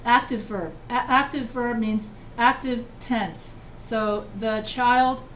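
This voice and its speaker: A woman's voice: a little high, steady tone, slow, fairly bright tone, recorded from a distance, slight background noise. A woman writing instructor teaching an online class, patiently repeating answers and checking that students follow. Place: video call from home.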